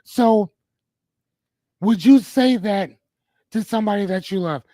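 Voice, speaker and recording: A man hosting a casual live-stream chat, animated and repeating his questions to the guests. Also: high-pitched, unhurried, no echo. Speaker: host.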